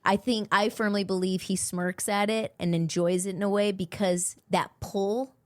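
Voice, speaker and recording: A woman speaking as a podcast guest, talking in a thoughtful, measured, faith-focused way. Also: mid-range voice, steady tone, no room sound. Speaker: podcast guest, host's wife. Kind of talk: reflective podcast conversation.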